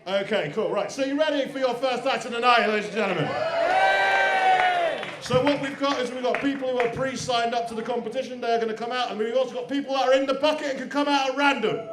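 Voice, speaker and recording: A man's voice: extremely high pitch, fast talker, background noise. A man hosting a live comedy show, teasing the crowd with crude banter. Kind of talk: live stand-up compering. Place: comedy club stage. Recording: echoey club with loud crowd. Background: audience laughter and cheers.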